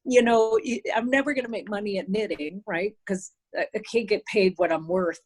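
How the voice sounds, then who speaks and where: A woman's voice: mid-range voice, normal speed, a little mellow, slightly rough. A woman speaking as a guest on a video call, candid and chatty, with frequent restarts.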